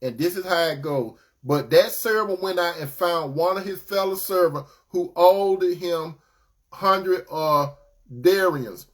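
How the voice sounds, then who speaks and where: Male preacher, higher register, chatty sermon delivery that keeps calling on brothers and sisters. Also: slow. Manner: conversational preaching, addresses listeners as brother and sister.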